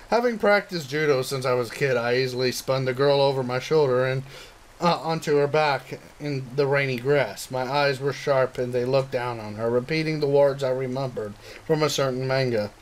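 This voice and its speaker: Hoarse man reading a story aloud. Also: mid-range voice, normal speed. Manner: stumbling, self-correcting reading. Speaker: reader of a visual novel.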